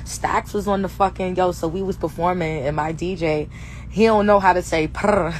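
A young woman with a hoarse, worn voice talks brashly and swears freely. She chats loosely from a tour bus bedroom into a phone for a live stream, with a faint hum of noise behind her. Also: lowish voice, lively intonation, unhurried. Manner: brash, profane, laughing often. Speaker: livestream host. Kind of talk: casual live Q&A chat. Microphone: phone held for a social-media live stream.

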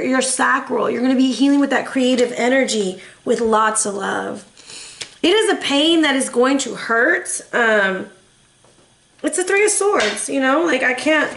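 A woman in her thirties reads tarot in a chatty, heartfelt way, wandering into asides. Her voice sits a little high. The room around her is echoey. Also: creaky, fairly bright tone, slight background noise. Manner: chatty and emotional, with rambling asides. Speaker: tarot reader. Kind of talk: casual tarot reading.

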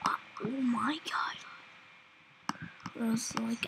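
A woman's voice: on the high side, level tone, takes it slowly, vocal fry, pauses often. A woman casually commenting on a video game as she plays, rambling and wondering aloud, often slipping into whispers. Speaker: gameplay commentator. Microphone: desktop mic. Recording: noisy home recording.

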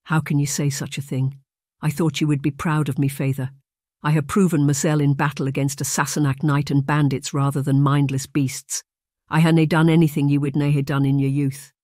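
A proud young Highland warrior with a Scottish accent, as an audiobook narrator puts him on. He is a man who speaks with hot-headed defiance in a dry, close storybook reading. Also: little pitch movement, fairly quick, darkish tone, dry recording, lightly acted. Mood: impassioned. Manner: impassioned, defiant.

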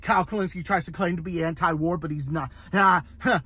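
A man with a fairly high voice delivers a solo rant, swearing constantly and circling back over the same points. The recording is close and dry, with no room sound. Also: a little fast, bright, forceful tone, slightly rough, no echo. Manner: heated, profane, repeats himself. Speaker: political commentary host. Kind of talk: angry solo political rant.

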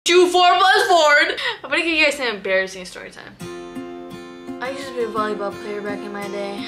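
A woman's voice: mid-range voice, fast, music in the background. A young woman in her twenties, drunk and chatting rambly through a makeup vlog, slangy and swearing. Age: 20s. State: tipsy, drunk. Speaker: vlogger. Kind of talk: drunk get-ready-with-me chat. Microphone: phone camera.

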